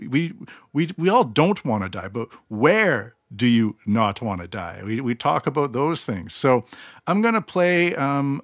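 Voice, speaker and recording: A Canadian man hosts his own podcast, rambling through a casual solo monologue in a blunt, self-deprecating manner. His pitch is medium, and the studio recording is clean with no echo.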